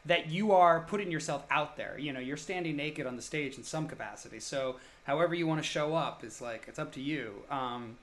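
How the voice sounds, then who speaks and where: Man, middle-aged, rambling casual talk, slightly high pitch, many restarts. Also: brisk, few pauses, a bit bright. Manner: rambling, restarts sentences often. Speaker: podcast co-host and actor. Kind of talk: casual chat.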